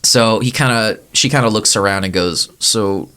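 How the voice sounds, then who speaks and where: A man's voice: lowish voice, moderate pace, sharp tone, slight background noise. A man narrating a tabletop game as game master, loose and casual with many fillers.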